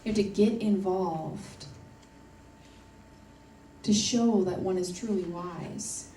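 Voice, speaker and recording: Captured from a distance in a roomy church hall, a woman delivers an earnest, emphatic sermon and keeps repeating her main points. She takes it slowly in a mellow, medium-pitched voice, with slight background noise.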